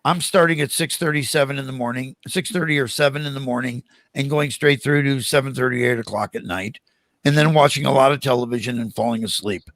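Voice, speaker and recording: An older man, a guest on a podcast, telling animated stories in casual conversation and acting out the voices of the people in them. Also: medium pitch, fast, dry recording. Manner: animated anecdotes with acted-out quotes. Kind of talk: casual storytelling interview.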